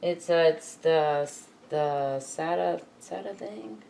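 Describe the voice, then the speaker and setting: A woman's voice: deep voice, slow, creaky, dark tone, a little hiss or hum. A woman vlogger at home, thinking aloud in a rambling, chuckling way while she repairs her computer. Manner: rambling, self-talking, chuckling. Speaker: crafting vlogger. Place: home room.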